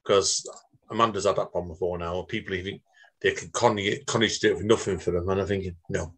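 A man's voice: low voice, fairly even intonation, fast, a bit bright. A man hosting a podcast, chummy and upbeat, calling his guest "mate". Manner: chummy, says mate a lot, upbeat wrap-ups. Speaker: podcast host. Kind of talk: casual interview chat.

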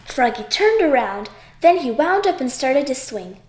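A woman reading a children's picture book aloud, expressive and sing-song. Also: sits high, unhurried, reverberant. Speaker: audiobook reader. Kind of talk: children's story read aloud.

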